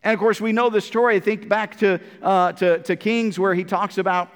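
Male preacher, high voice, casual storytelling sermon, church echo. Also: fairly even intonation, normal speed. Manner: storytelling, conversational, repeats words.

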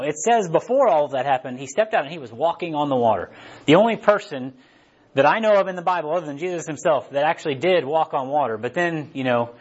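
Male preacher, casual and conversational, mid-range voice, slightly muffled lo-fi recording. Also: mid-range voice. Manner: conversational, asks "right?" often. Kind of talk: casual sermon.

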